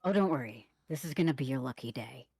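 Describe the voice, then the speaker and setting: A woman's voice: rumbling low, lively intonation, quick pace, a little mellow, husky, no echo. A woman playing a tabletop game, speaking in a dry, understated way. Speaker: player. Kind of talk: tabletop role-play.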